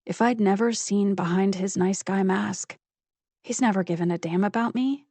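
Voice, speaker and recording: An audiobook narrator reads a first-person psychological thriller in a measured, intimate storytelling style. Her medium-pitched, slightly mellow voice is recorded on a close studio mic with no echo.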